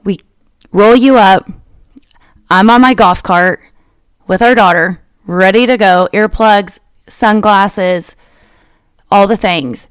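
A woman's voice: medium pitch, smooth, no room sound, studio quality. A woman in her thirties hosting a podcast, chatting casually and teasing her guest. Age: 30s. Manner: teasing, playful, quick to laugh. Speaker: podcast host. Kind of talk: casual chat.

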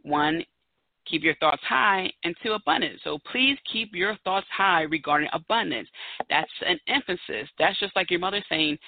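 A woman's voice: deep voice, animated, normal speed, dry recording. A woman in her thirties hosting a solo podcast, talking in a chatty, emphatic way and pressing her points home. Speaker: podcast host. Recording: tinny phone-like dry audio.

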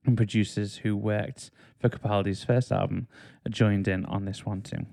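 A man's voice: fairly low pitch, fairly even intonation, moderate pace, gravelly, warm tone. A man hosting a casual podcast chat, reading album facts aloud and laughing at clumsy wording. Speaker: podcast host.

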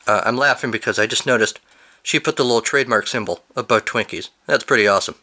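Host, male, bright voice, reads goofy listener stories with amused asides. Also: mid-range voice, fast talker. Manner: animated, amused asides between read lines. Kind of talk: reading fill-in-the-blank stories aloud with commentary.

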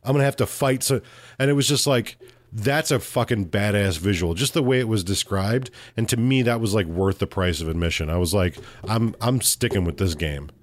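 A man co-hosting a podcast, telling a game story in casual chat, animated and swearing freely. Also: on the low side, normal speed, dry recording. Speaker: podcast co-host.

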